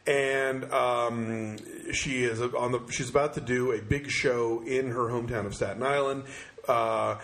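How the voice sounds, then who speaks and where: A man co-hosting a film review podcast, summing up plots and giving blunt opinions, often pausing with ums and uhs. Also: mid-range voice, fairly bright tone. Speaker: film critic co-host. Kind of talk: casual film review chat.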